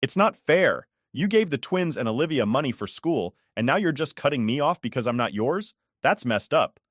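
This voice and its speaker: A man's voice: medium pitch, lively intonation, normal speed, a bit bright, dry recording, clean studio sound, lightly acted. A man voicing a hurt, resentful teenage girl who speaks bitterly in a first-person story narration. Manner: bitter, aggrieved.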